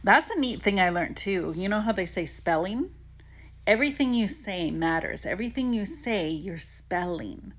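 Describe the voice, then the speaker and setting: A woman's voice: medium pitch, expressive, moderate pace. A woman talking casually and encouragingly to viewers, giving spiritual advice about intuition. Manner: chatty, encouraging, addresses viewers directly. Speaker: spiritual teacher.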